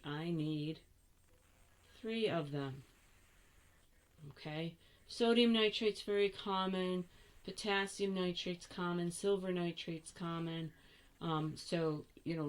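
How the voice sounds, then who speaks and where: An older woman walks through a chemistry lesson at an unhurried, slow pace. Her voice sits a little low, and she talks in a chatty, playful way, catching and fixing her own slips. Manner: chatty, self-correcting, playful asides. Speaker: chemistry teacher. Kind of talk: recorded classroom lesson.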